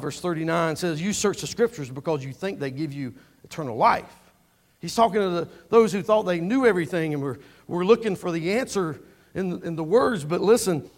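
A man preaching a sermon in a church, speaking earnestly and conversationally, often repeating words as he goes. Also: a little high. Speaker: pastor.

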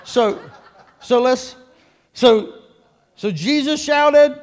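A man preaching a sermon, animated and joking as he draws the congregation in. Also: very high-pitched, drawn-out words. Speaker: pastor. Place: church sanctuary. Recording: long reverb of a church hall.

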